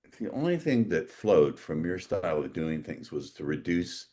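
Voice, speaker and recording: A man hosting a podcast interview, talking in a relaxed, rambling way with jokes. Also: deep voice, moderate pace. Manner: joking, rambling. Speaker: podcast host. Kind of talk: conversational interview.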